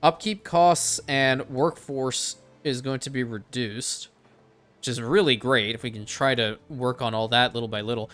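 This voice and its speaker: A man with a bright, forceful voice talks through a strategy game in casual commentary, musing to himself and throwing in the odd swear word. Faint game music plays behind him. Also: medium pitch, normal speed. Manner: thinks aloud, casual swearing. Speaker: let's play host.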